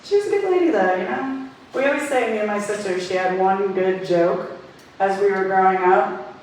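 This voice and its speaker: Woman telling dark jokes in an echoey room. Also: mid-range voice, moderate pace. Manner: dark deadpan jokes, often breaking into laughter. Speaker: stand-up comedian. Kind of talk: stand-up storytelling. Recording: very echoey, distant mic, faint noise.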